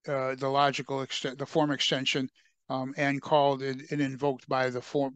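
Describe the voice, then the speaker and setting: A man walks through a software demo over a webcast, often stopping to restart his phrases and fill gaps with small hesitations. His voice is smooth and clear, sits a little high for a man, and the recording is close and dry with no room around it. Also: no echo. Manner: halting, many fillers and restarts. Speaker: software presenter. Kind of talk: webcast screen-share demo.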